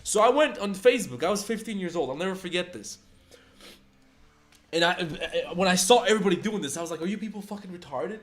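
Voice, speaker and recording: A man's voice: high-pitched, lively intonation, fairly quick. A man in his twenties ranting heatedly on a livestream, profane and firing off rhetorical questions. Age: 20s. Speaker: livestream host.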